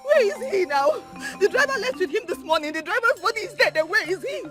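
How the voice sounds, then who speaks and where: An actress playing a grieving young princess who frantically demands answers about her missing father, sobbing and shouting, with a Nigerian accent. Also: very high voice, big pitch swings, fast, music in the background. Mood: frantic.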